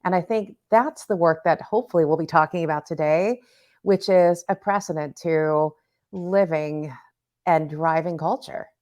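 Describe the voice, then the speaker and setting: Woman podcast host, slightly low pitch, upbeat and encouraging with quick interjections. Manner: warm encouraging interjections, "I love it". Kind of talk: casual interview chat.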